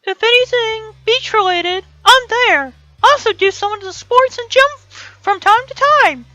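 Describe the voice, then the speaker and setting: A man voicing a sporty, upbeat young woman who works at the beach, in a high falsetto with a breezy, energetic manner, reading from a dating game. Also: a little slow, no room sound, faint music behind, exaggerated voice, rough recording.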